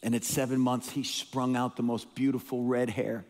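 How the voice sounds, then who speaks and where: A man's voice: mid-range voice, level tone, normal speed, darkish tone. Emotional man preaching in a reverberant hall. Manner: emotional, rambling with restarts and repeated words. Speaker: guest preacher. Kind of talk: storytelling sermon. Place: church sanctuary.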